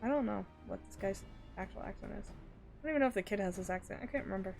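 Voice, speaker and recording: A woman's voice: medium pitch, quick pace, vocal fry, a little mellow. A woman streaming a game, tossing in offhand casual asides between read lines. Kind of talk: casual live-stream commentary. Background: game music.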